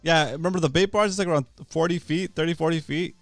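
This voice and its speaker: A man hosting a casual fishing talk show, chatting with his co-host and giving upbeat shout-outs to viewers. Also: a little high, quick pace, soft background music.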